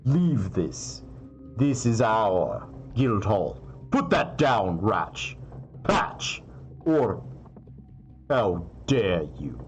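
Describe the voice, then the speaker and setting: A man voicing a massive warforged guild guard with a deep modulated voice, scolding and commanding. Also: sing-song, drawn-out words, faint music behind, exaggerated voice. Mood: stern.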